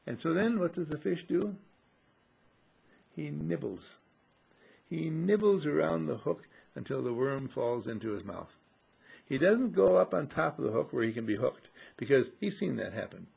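A man giving a slow, musing spiritual teaching to a group, repeating and correcting himself and acting out his listeners' voices. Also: a little high, expressive, vocal fry, darkish tone, husky. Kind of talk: metaphysical teaching talk to a group.

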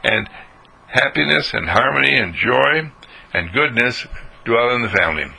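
A man's voice: mid-range voice, lively intonation, moderate pace, gravelly, bright, forceful tone, husky, low-quality recording. An older man giving a folksy moral talk, acting out little everyday scenes as he goes. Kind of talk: storytelling lecture.

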